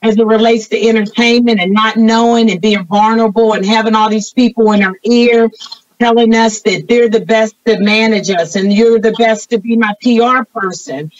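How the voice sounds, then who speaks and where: Woman, interview host, earnest, thoughtful, slightly high voice, distant from mic, dry dull audio. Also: fairly even intonation, no echo. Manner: earnest and thoughtful, drawn-out remarks. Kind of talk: interview questions.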